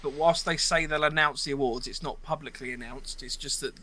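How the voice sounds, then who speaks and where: Bright-voiced male podcast host. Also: on the high side, fairly even intonation, fairly quick. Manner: rambling, with many fillers. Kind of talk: casual podcast chat.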